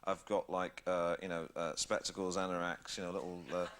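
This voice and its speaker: A man's voice: sits low, level tone, fairly quick, a bit bright. A man appearing as a guest on a television chat show, telling anecdotes in a dry, self-mocking way and often laughing. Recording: noisy 1990s TV studio recording. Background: studio audience laughter.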